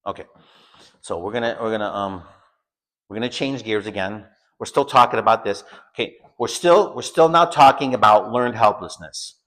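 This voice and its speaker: An American man teaching a home school lesson, telling a personal story and acting out shouted quotes. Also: lowish voice, normal speed. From United States.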